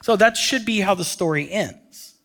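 A man preaching a sermon with a voice pitched a little above the usual. He talks to his listeners conversationally and keeps asking them questions. On the key phrases he drops down to a near hush. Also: moderate pace. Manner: conversational, asks the audience questions. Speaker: pastor.

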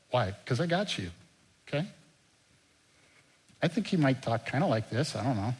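An older man preaching a sermon as pastor, in an earnest, conversational way that drops soft and quiet. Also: mid-range voice, sing-song, a little slow, long pauses, husky.

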